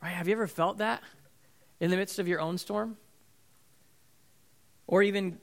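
A man's voice: sits high, a little slow, creaky, long pauses. A man, likely a pastor, giving a casual, conversational sermon with frequent ums and likes, now and then acting out the people in the story.

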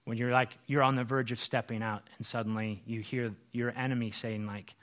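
A middle-aged male pastor telling a story in a sermon, animated, acting out quoted lines. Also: medium pitch, normal speed.

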